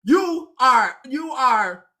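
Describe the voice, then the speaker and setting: A woman's voice: high-pitched, big pitch swings, extremely slow, sharp tone, a little hiss or hum. A woman host, chatting live, laughing through her words, swearing and apologizing over and over. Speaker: online show host. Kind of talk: casual live-stream chat.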